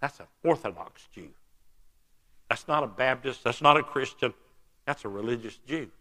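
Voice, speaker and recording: A man's voice: medium pitch, moderate pace, sharp tone. A man preaching a sermon, telling a story in an emphatic, folksy way. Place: church sanctuary. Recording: long church hall reverb.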